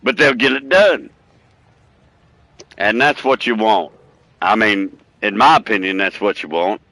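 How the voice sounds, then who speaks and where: A middle-aged man lectures bluntly in casual stream chat, cursing freely and stressing every point. His voice is bright and forceful, recorded dry and close with no room sound. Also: on the low side, expressive, a little slow, dry recording, poor audio. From United States. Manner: blunt, profane, preachy and emphatic.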